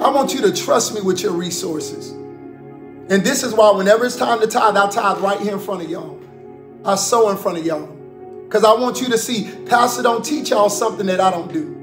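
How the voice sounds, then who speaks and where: High-voiced fervent man preaching. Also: roomy sound. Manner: fervent, repetitive, frequent amens and hallelujahs. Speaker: pastor. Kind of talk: livestreamed preaching and offering appeal.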